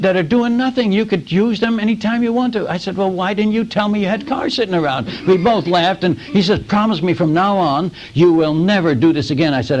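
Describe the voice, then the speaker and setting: A man preaching a sermon as an animated storyteller who acts out the other people's lines in his own telling. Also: a little high, a little hiss or hum. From United States. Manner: animated storyteller acting out dialogue.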